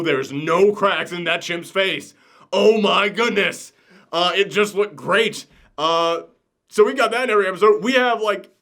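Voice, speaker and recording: A man hosting a casual review chat, animated and ranting, swearing and laughing as he goes. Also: high-pitched. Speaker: podcast co-host reviewing a TV show.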